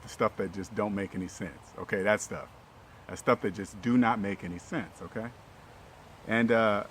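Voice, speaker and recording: A man's voice: on the low side, sharp tone, slight background noise. A man talking casually and earnestly to his viewers, repeating himself often and checking in with "okay?" after his points. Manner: repetitive, keeps checking in with "okay?"; earnest and straightforward. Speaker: relationship vlogger.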